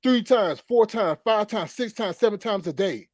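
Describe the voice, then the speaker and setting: A man's voice: sits high, animated, moderate pace, dry recording. A man hosting a livestream, angrily ranting in a profane, repetitive way. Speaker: livestream host. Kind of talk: heated livestream rant.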